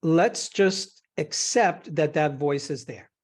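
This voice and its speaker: A man with a slightly raised voice coaches a guest through a session. He talks gently and reassuringly, walking through one example after another. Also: fairly high pitch, lively intonation, slow pace. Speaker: host and eating psychology coach.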